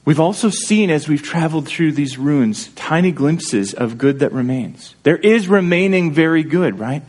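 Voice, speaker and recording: A man's voice: a little high, expressive, moderate pace, a little mellow, breathy edge. A man pastor preaching a sermon in an earnest, conversational way, often checking in with his listeners through rhetorical questions.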